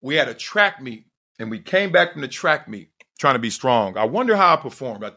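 A middle-aged man from Southern California who tells a personal story with lots of feeling. His pitch jumps around and he sometimes lets out loud whoops. His voice has a bright, forceful edge. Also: very animated, fairly quick. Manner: emphatic, digressive, bursts into loud whoops. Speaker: podcast host.

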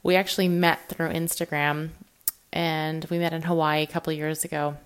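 A young self-employed woman talking candidly and emotionally about her work and feelings in a personal vlog, now and then acting out what others say in lively voices. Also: sits low, moderate pace, clean tone. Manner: emotional, confessional, quotes people in animated voices. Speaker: self-employed social media creator.

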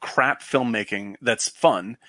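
A man's voice: mid-range voice, slow pace, bright, forceful tone, no echo. Brief: man, podcast co-host, rambling and profane, dry close sound. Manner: rambling, profane, many fillers and restarts. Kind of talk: casual chat.

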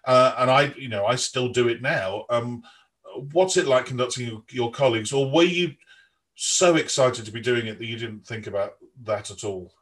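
A podcast host, a man with a medium-pitched, fairly bright voice, talks at a normal pace. He's chatting casually in an interview, rambling and often restarting his sentences.

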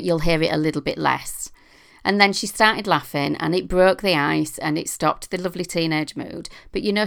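A woman's voice: fairly low pitch, vocal fry, fairly bright tone. A middle-aged British woman hosting a podcast, talking casually and chattily with a self-deprecating sense of humour. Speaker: podcast host.

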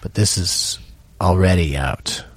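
A man's voice: deep voice, slow, husky, dry recording. Man hosting with dry asides. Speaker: podcast host. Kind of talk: casual chat.

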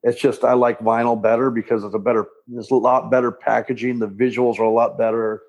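A man, a punk singer, talking casually in an interview, rambling with halting restarts. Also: medium pitch, little pitch movement, darkish tone, dull audio. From Southern California.

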